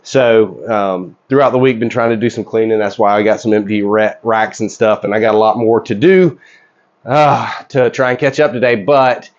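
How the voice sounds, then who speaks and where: A man's voice: on the low side, moderate pace, lo-fi sound. Congested man chatting in a reptile room. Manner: chatty, rambling with many fillers; keeping his excitement down. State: congested and recovering from illness. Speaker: reptile breeder and channel host. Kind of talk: casual vlog talk to camera. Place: reptile breeding room indoors.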